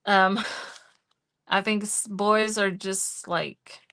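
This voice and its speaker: A middle-aged woman talks to her live viewers from home in a loose, easygoing way. She takes her time, letting each phrase come out at a leisurely pace. Her pitch sits right in the middle, and she chats warmly while tallying up cash. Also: fairly even intonation, drawn-out words. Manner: chatty and easygoing, counts cash aloud. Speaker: budgeting livestream host. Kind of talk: casual live-stream chat.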